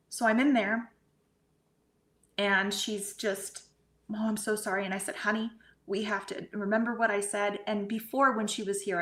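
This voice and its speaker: Soft-spoken woman in a roomy space. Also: medium pitch. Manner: soft, often dropping to a breathy whisper, halting with fillers. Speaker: guest medium and hypnotherapist. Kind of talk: emotional personal storytelling in a podcast interview. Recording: roomy echo.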